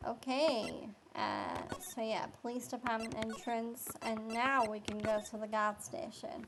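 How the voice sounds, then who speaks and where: A woman's voice: on the high side, animated, measured pace, creaky, few pauses, noisy background. A woman streamer chatting casually while playing through a video game. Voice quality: casual, chatty, laughs often.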